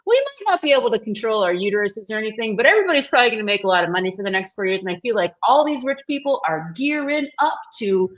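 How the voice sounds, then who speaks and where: A woman's voice: on the high side, very animated, fast talker, few pauses. A woman co-hosting a casual chat, chatty and irreverent, swearing and laughing often, heard over a video call. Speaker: co-host. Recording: dull lo-fi call audio.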